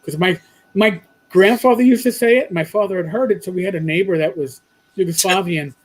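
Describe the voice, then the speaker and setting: A man's voice: high-pitched, a little fast, slightly rough, rough recording. A man from New York with a New York accent, co-hosting a casual live-stream chat and reading out comments. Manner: chatty, trailing off and restarting, reading out comments. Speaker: co-host.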